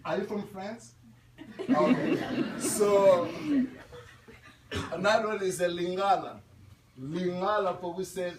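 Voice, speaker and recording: A man in his twenties giving an animated, laughing talk to students at a school, quizzing his audience. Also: high-pitched, takes it slowly, long pauses, noisy background. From Congo. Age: 20s. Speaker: guest speaker at a school. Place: classroom or school hall. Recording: echoey room audio from far off.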